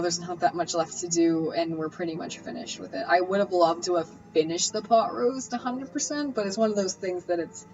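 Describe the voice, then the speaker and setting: A woman's voice: fairly low pitch, highs cut off. A woman hosting a live cooking stream, rambling and laughing as she chats, her voice starting to wear out. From Canada. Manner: chatty and rambling, laughing often. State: losing her voice. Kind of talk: casual live-stream chat.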